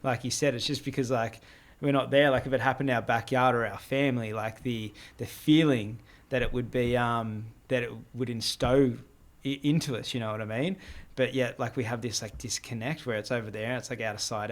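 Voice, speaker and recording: Male podcast host, casual interview, reflective, rambling, mid pitch. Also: steady tone, a little fast. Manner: reflective, rambling, many fillers.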